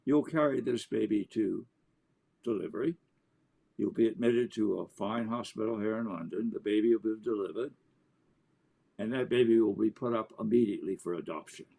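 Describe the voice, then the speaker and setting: A man with a low, gravelly voice playing a cold, decisive Sherlock Holmes laying out a plan. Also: dark tone. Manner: brisk, decisive.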